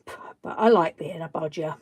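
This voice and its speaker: A woman's voice: deep voice, moderate pace, husky, dry recording. A woman, hosting a craft live stream in a chatty, rambling way, laughing often. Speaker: craft channel host. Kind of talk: casual live-stream chat.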